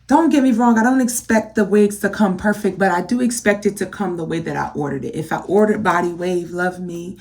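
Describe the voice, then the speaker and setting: A woman chatting casually to camera, animated and exasperated, firing rhetorical questions at her viewers. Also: on the low side, brisk, gravelly, hardly any pauses. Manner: addresses viewers as y'all. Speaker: beauty vlogger.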